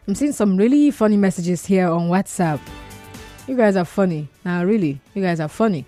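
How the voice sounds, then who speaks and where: A woman's voice: fairly low pitch, expressive, normal speed, mellow, soft background music. A woman with a Nigerian accent hosting a call-in radio show, reading listener messages aloud and reacting to them in a chatty, teasing way. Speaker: radio talk show host.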